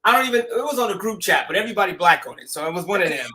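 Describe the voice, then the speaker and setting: A man's voice: sits high, racing. A man hosting a show, telling stories in a casual, slangy way and acting out quotes. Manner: animated, slangy, acts out quotes with laughs. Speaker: show host. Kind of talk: casual storytelling chat.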